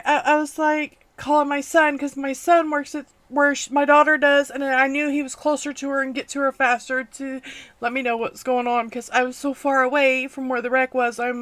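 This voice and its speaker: A middle-aged woman, hosting a crafting vlog, talking tearfully with many pauses and fillers. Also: sits high, a bit bright, no room sound. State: near tears. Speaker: crafting channel host. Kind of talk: emotional personal vlog.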